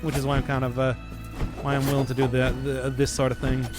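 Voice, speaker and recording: Rambling Midwestern streamer, music behind. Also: male voice, mid-range voice, completely flat delivery, fast talker. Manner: rambling, self-mocking, lots of fillers and restarts. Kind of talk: casual game commentary.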